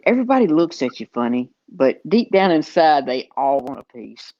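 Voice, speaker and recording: A man's voice: on the high side, sing-song, dark tone, dry recording, muffled recording. A man with a Southern US accent, telling stories in casual chat with plenty of "uh" fillers. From American South. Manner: slow storytelling with frequent fillers. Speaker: podcast host.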